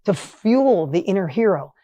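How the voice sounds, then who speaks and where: A middle-aged man telling a motivational story with energy and emphasis, his voice rising when excited. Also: high-pitched, normal speed, no echo, highs cut off. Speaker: motivational speaker.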